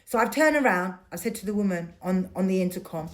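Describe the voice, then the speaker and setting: A woman's voice: mid-range voice, animated, quick pace. Brief: middle-aged woman, fired-up vlog rant, punchy delivery. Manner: indignant, emphatic. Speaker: vlogger. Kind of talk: ranting personal storytelling.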